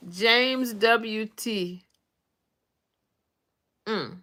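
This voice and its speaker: An older American woman talks slowly and unhurriedly to her livestream viewers from her bedroom, her voice bright and clear. She chats loosely and reads out viewer names as she goes, picked up by her phone. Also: medium pitch, lively intonation. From United States. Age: 60s. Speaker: vlog host. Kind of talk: casual livestream chat.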